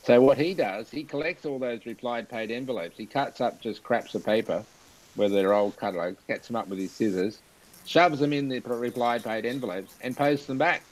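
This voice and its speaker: A man's voice: medium pitch, a little fast, rough recording. A man hosting a casual live chat over a video call, telling anecdotes and laughing often as he goes. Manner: chatty, laughs through anecdotes.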